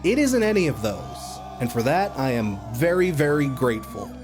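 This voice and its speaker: A man's voice: a little high, sing-song, moderate pace, over music. A man reviewing albums in a casual, blunt and profane monologue, rambling and joking. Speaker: music critic.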